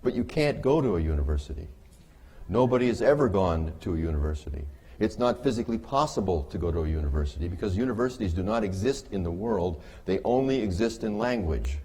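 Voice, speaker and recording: A man lectures at a conference with a wry, teasing humor, pausing for the audience's laughter. His voice sits a little low with a husky edge. He explains ideas plainly and pokes fun at his own field. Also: lively intonation, mellow. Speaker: conference speaker on behavior analysis. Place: conference hall.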